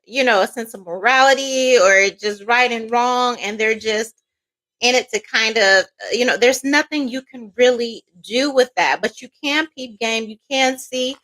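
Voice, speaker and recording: Woman, tarot reader, blunt profane monologue, bright tone, higher pitch. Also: unhurried. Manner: blunt, profane, animated, with laughs. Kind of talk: casual spiritual monologue.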